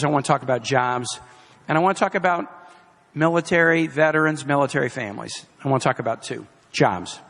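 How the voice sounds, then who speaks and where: A man's voice: on the high side, fairly bright tone, in a large hall. A middle-aged man giving a campaign rally speech, emphatic, repeating key phrases for effect. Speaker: political campaign speaker. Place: outdoor or hall campaign rally with a crowd. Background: faint crowd.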